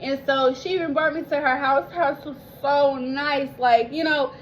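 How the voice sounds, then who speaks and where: A woman's voice: sits high, fairly even intonation, normal speed, a little hiss or hum, poor audio. A young woman telling her life story casually, rambling and heartfelt, near tears, swearing and calling listeners y'all.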